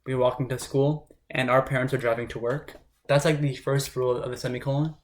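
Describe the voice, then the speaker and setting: This male test prep tutor talks a little fast in a mid-range voice with little pitch movement. He explains grammar casually, thinking aloud and regularly asking listeners "right?"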